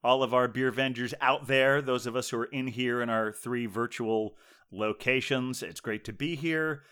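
A man hosts a casual podcast from home, rambling with frequent restarts and fillers. His voice sits at an ordinary middle pitch. He talks loosely and with friendly ease. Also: steady tone, normal speed, a bit bright, clean tone. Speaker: podcast host. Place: home, remote call.

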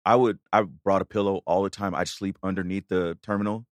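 A man hosting a podcast in casual chat, relaxed as he shares a story and invites his guests to talk. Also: deep voice, brisk, dry recording. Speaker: podcast host.

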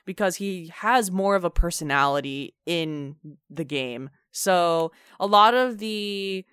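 A podcast co-host chatting casually about games, animated and full of fillers. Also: mid-range voice, takes it slowly, clean tone, dry recording, clean studio sound. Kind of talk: casual gaming chat.

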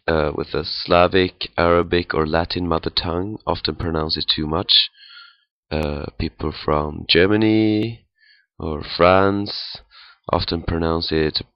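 Slow deep-voiced man teaching pronunciation. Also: no echo, muffled recording. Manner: halting, many fillers, demonstrates sounds. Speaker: language teacher. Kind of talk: pronunciation lesson.

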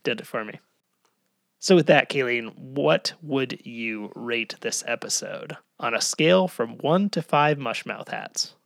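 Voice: medium pitch, expressive, measured pace, creaky, no echo, studio quality. A podcast co-host in casual chat, talking chattily and laughing often.

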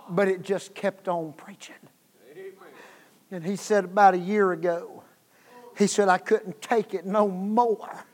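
Guest preacher, male, high voice, slow deliberate delivery, hushed-to-shouting revival sermon in a church hall. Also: flat delivery. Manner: swings from hushed to shouted, repeats words. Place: church sanctuary. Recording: long hall reverb.

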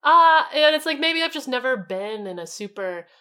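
A woman co-hosting a comedy podcast, chatting casually and hesitantly with lots of fillers. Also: sits high. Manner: lively, hesitant, with fillers and quick agreements. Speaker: podcast co-host.

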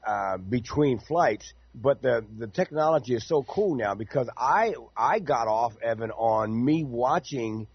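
Husky, animated male radio host. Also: medium pitch, unhurried, hardly any pauses, dry recording. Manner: animated, excitable storyteller. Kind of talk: casual morning radio chat. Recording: dull lo-fi dry studio sound.

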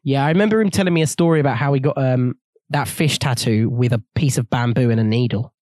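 A young man, co-hosting a podcast in crude, casual banter, laughing often and swinging between loud bursts and low mutters. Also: fast, no room sound, studio quality. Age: young adult. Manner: animated, jumps between shouting and low mumbling, laughs often. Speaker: podcast co-host.

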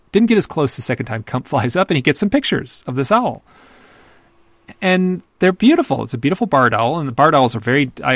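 A man, an author and podcast guest, telling a story in a loose, animated way with many restarts. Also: medium pitch, creaky, no room sound. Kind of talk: conversational storytelling.

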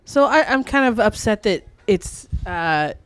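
A woman's voice: medium pitch, animated, measured pace, dry recording. A woman co-hosting a podcast, chatty and teasing in casual talk. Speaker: podcast co-host. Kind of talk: casual chat.

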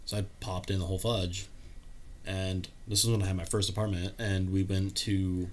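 A married man in casual chat, animated, telling stories with lots of "like" and acting out what people said. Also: low voice, normal speed, slight background noise. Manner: animated storyteller, lots of "like", acts out quotes.

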